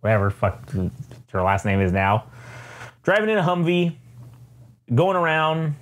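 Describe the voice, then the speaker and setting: A man in casual podcast chat, his pitch sitting a bit high and swinging all over as he rambles. He curses freely and leans on fillers while he recaps the story. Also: sing-song, unhurried. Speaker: podcast co-host.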